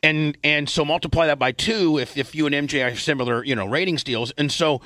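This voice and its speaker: Middle-aged male radio host, bright forceful voice, profane storyteller, dry close sound. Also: a little high, fairly quick, no echo. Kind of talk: casual storytelling chat.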